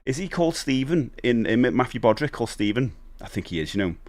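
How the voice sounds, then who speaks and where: A chatty man hosting a live stream. His talk rambles loosely with restarts and asides as he reads viewer messages aloud. His voice sits at an ordinary middle pitch. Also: big pitch swings, fast talker, a little mellow. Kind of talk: casual live-stream chat.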